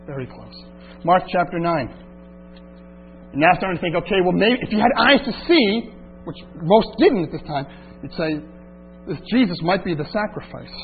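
A high-pitched man preaches with sweeping drama, dropping to near whispers and then rising to loud cries. The sound is thin and phone-like. A faint electrical hum runs underneath. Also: animated, moderate pace, pauses often. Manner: dramatic, voices doubting listeners, swings from hushed to loud. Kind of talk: sermon. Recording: tinny phone-like recording with mains hum.

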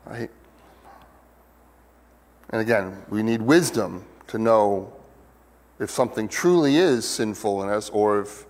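A man's voice: fairly low pitch, a little slow, long pauses, a little mellow. A man preaching a sermon in a conversational way, with many fillers and sudden emphatic peaks. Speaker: pastor. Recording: long hall reverb.

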